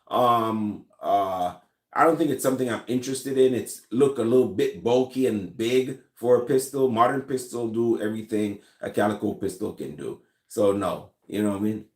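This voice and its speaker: A man from Jamaica with a Jamaican accent, hosting a casual chat and answering viewer comments in a relaxed, rambling way with many fillers and restarts. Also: on the low side, normal speed, echoey room. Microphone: recorded in a room with his gun collection.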